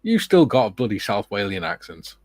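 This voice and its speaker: A man with a British accent hosting a relaxed livestream, reading viewer comments aloud and chatting casually with joking asides. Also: on the low side, moderate pace, no room sound. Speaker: livestream host.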